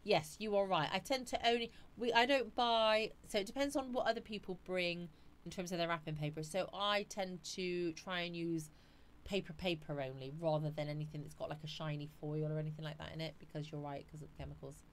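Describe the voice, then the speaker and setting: A woman's voice: lowish voice, fairly quick, slight background noise. Chatty woman reading live chat. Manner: chatty, reads viewer comments aloud. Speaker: live stream host.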